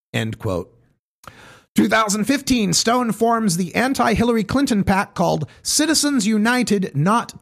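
A man delivering pointed commentary, reading quotes one after another in a measured way and stressing each one with pauses. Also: high-pitched, vocal fry, fairly bright tone.

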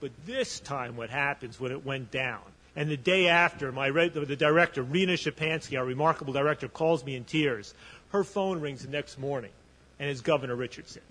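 A man's voice: mid-range voice, a little fast, a bit bright, long reverb tail. A man speaking on a panel at a conference, telling a story with animation and often restarting his sentences. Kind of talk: conference talk.

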